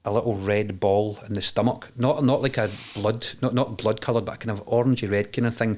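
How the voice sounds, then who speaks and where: Laughing readily and full of animation, a Scottish man in his forties tells his story candidly on a podcast. His voice runs on the low side, and he restarts a lot and swears at times.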